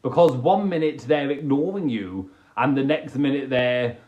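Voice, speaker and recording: A man hosting a casual livestream, telling stories in an animated, theatrical way on a phone microphone. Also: medium pitch, moderate pace, highs cut off. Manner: animated, theatrical storytelling with put-on voices. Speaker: livestream host.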